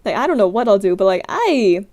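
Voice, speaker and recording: A woman's voice: medium pitch, very animated, fairly quick, darkish tone. A young woman streamer chatting casually, rambling and giggling as she reacts to scenarios. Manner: rambling, giggly, frequent "like" and "frick".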